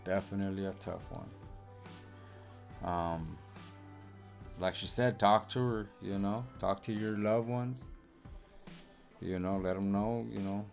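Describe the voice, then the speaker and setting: A man co-hosts a live stream in relaxed, casual chat, speaking reflectively and dropping "you know" often. His voice is very low. Faint music plays behind him. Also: takes it slowly, gravelly, long pauses. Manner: laid-back, reflective, full of "you know".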